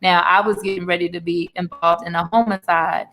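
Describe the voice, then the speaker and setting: A woman's voice: on the low side, fairly even intonation, fairly quick, a bit bright. A woman in her forties, an interview guest and author, giving an earnest, emotional personal testimony laced with faith.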